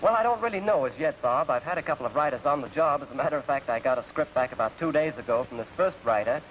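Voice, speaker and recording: A man's voice: mid-range voice, lively intonation, fast talker. A young man with an English accent, a polite, chatty guest telling jokes in scripted radio comedy banter. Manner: polite, chatty, self-deprecating storyteller. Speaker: guest performer. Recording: dull old radio broadcast with hiss.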